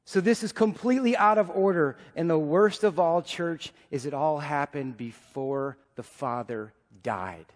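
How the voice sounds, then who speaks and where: Pastor, man in his 40s, higher voice, preaches with big loud-to-hushed swings, church hall reverb. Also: a little slow, hardly any pauses. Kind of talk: sermon. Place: church sanctuary.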